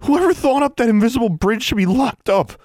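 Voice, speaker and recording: A man's voice: extremely high pitch, lively intonation, a little fast, a little mellow, no room sound, studio quality, voice pushed up. A man voicing an upset, indignant young boy. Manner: indignant and insistent. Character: shaken angry boy, sixth grader.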